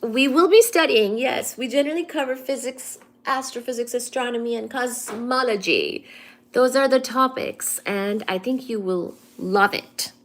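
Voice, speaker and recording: A woman hosting a casual livestream, greeting viewers one by one by name and answering chat in a soft-spoken way with frequent ums. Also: fairly high pitch, normal speed. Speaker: livestream host reading chat.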